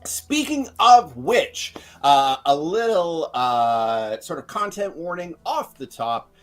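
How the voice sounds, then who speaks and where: A man's voice: fairly high pitch, very animated, takes it slowly. An upbeat man hosting a live tabletop game stream as game master, talking casually with many filler words. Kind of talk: casual livestream chat.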